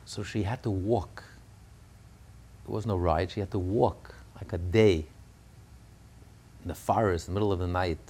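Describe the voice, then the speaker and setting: A man with a fairly low voice preaches through a personal family story. He talks in a loose, conversational way, full of small restarts, then builds to fervent, emphatic passages. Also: fairly even intonation, normal speed, pauses often, mellow, husky. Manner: conversational, with fillers and restarts, rising to fervent peaks. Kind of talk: storytelling sermon.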